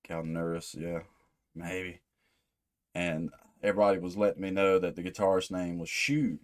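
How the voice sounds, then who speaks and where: A man's voice: low voice, steady tone, moderate pace. A man hosting a music reaction video, talking casually and thinking aloud with rambling restarts. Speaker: music reaction channel host.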